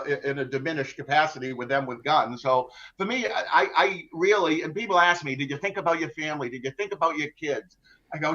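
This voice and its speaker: An older man, a former ship captain, recounts his story in a podcast interview in a wry, halting way. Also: fairly high pitch, sharp tone, dull audio. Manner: wry, halting, full of restarts and laughs.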